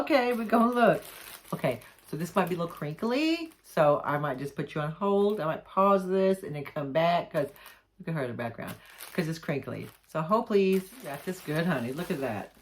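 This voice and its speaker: A woman's voice: low voice, animated, a little fast. A woman vlogging at home, unboxing a parcel in a gushing, exclamatory way and calling her viewers y'all. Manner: gushing, exclamatory, laughs often. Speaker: jewellery vlogger. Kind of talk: excited unboxing vlog. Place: home, with a pet nearby.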